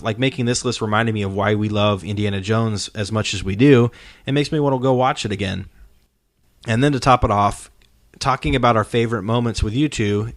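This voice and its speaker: A man with a lowish voice hosts a relaxed podcast chat, retelling scenes in a sincere, meandering way. His voice is recorded close and dry, with no room sound around it. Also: no room sound. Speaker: podcast host. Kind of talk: casual chat.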